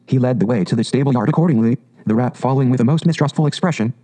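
A man reading a classic animal storybook aloud in a measured, expressive way. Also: mid-range voice, poor audio. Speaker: audiobook narrator.

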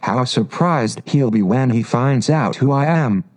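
A man's voice: mid-range voice, a little slow, lightly acted. A man reading a storybook aloud and voicing a polite, curious little girl who speaks earnestly and a little plaintively. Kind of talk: audiobook reading.

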